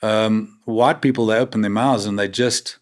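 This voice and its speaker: A South African man in his fifties, a podcast guest on a talk show, tells stories frankly in a candid interview, tagging his sentences with "man" and "right?". His voice is lowish and steady, at normal speed.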